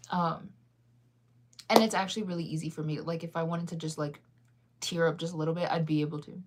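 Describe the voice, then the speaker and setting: A woman's voice: low-pitched, steady tone, normal speed, long pauses, a little hiss or hum. A sleepy, yawning woman hosting a casual livestream, chatting in a rambling, giggly way as she answers viewers' comments. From United States. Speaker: livestream host.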